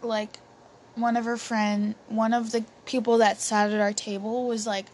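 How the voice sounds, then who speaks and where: A woman's voice: a little high, level tone, measured pace, darkish tone. A young woman telling a personal story in a chatty way, with many fillers and restarts. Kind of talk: casual storytelling. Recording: faint background noise.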